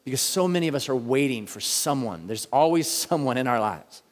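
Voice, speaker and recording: A man in his thirties delivers a sermon from a church sanctuary. His voice sits at an ordinary middle pitch. He talks in a relaxed, conversational way and drags out key words for weight, while the hall rings on behind him. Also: fairly quick. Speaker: pastor.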